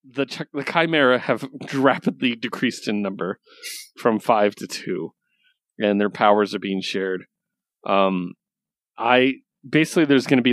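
A man's voice: lowish voice, dry recording. A man co-hosting a comics podcast in casual chat, loose and rambling, enthusiastic and swearing casually. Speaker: podcast co-host reviewing comics.

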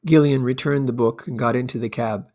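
A man narrating a classic short story as an audiobook, with calm, measured reading. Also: medium pitch. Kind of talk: scripted narration.

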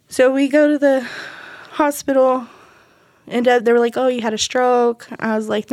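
A woman's voice: a little high, level tone, normal speed, darkish tone, no room sound, clean studio sound. A young woman from Texas, telling her personal testimony in a rambling way and acting out the dialogue. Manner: rambling storytelling that acts out quoted dialogue. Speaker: guest sharing a testimony.

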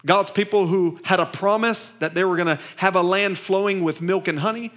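A pastor preaches to his church congregation in a high, fairly bright voice at a moderate pace. Emphatic and repetitive, he restarts lines, repeats phrases, and often calls on the crowd to answer back during the service.

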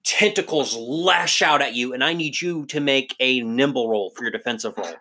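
A man's voice: mid-range voice, normal speed, background noise. A man running a tabletop role-playing game as game master, narrating the action and explaining rolls patiently.

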